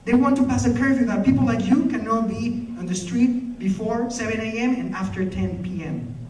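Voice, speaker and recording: His voice is very high-pitched and a bit mellow, moving at normal speed as he delivers a heartfelt storytelling speech at a conference. The sound is echoey, recorded from a distance in the hall.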